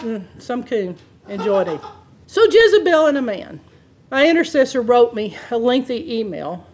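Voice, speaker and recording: A woman preaching a sermon, telling a story with lively swings in pitch and loudness and laughing at her own anecdotes.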